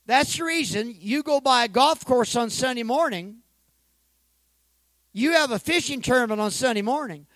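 A male pastor preaching an energetic sermon, calling for responses from the congregation and joking in between. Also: very high voice, normal speed, no echo, low-quality recording. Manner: joking asides.

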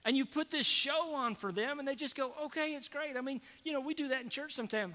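A man preaching a sermon as pastor, animated, acting out the voices of people he quotes. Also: very high-pitched, fast talker, hardly any pauses. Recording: echoey hall with long reverb.

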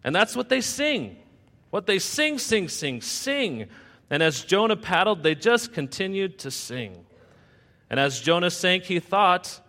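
A man's voice: fairly high pitch, big pitch swings, unhurried, pushed and bright. A male pastor preaching a sermon and telling a story in sing-song rhyme. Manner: rhythmic, sing-song rhyming delivery. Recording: long reverb of a hall.

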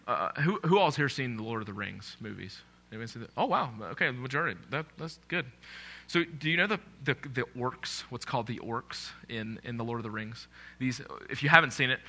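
Guy preaching a sermon, really bright sharp voice, chatty, keeps asking the crowd stuff. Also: mid-range voice. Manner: conversational, asks the congregation questions.

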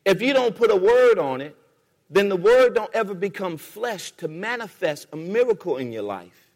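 A high-voiced man preaches at a moderate pace in a church sanctuary, his pitch swinging widely. His sermon is rhythmic and repetitive, urging the congregation to answer back, and the room leaves a long reverb tail.

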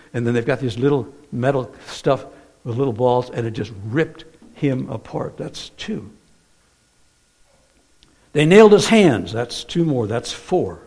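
Man preaching with a lively, rising voice. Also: medium pitch. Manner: conversational, rhetorical questions to the congregation. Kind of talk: sermon.

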